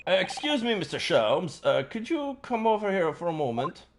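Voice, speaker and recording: A man's voice: high-pitched, big pitch swings, moderate pace, a little hiss or hum, pitched above the performer's own voice. A man doing a flustered young male lawyer. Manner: flustered, protesting. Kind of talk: reading game dialogue aloud on a live stream.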